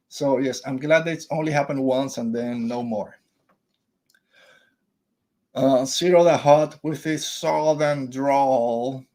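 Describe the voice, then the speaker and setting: A man, a father in his thirties, hosting a podcast and giving blunt, opinionated takes in a casual review. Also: mid-range voice. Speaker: podcast host.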